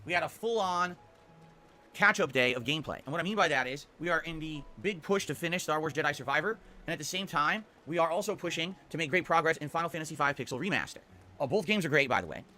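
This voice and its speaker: A man's voice: fairly high pitch, lively intonation, fast talker, pushed and bright, a little hiss or hum. A man, a game streamer, casually running through his streaming schedule in an upbeat, rambling way, often tagging sentences with "okay?".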